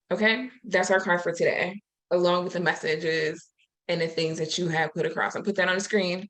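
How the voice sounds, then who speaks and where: A woman presenting over a video call who leads a slow, soothing breathing exercise and reads affirmations aloud. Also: fairly low pitch, poor audio. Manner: soothing, slow guided meditation cues, warm affirmations. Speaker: summit presenter.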